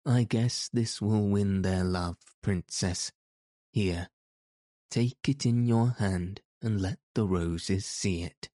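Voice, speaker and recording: A friendly, shaggy wanderer from a storybook speaks eagerly, as a man reads him. The voice is mellow and low, with a slow delivery. It is recorded dry and close. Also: no room sound.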